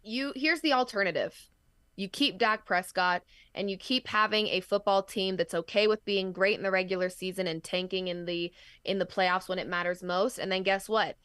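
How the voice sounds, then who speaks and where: A woman's voice: medium pitch, fairly even intonation, normal speed, fairly bright tone, dry recording. A woman guest co-hosting a sports show, giving blunt, firm opinions in casual debate. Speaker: guest co-host.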